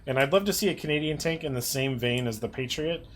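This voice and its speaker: Man, casual livestream host, relaxed chatty delivery, faint background hiss. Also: mid-range voice, fast. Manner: relaxed, chatty, laughs easily. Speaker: stream host reading chat.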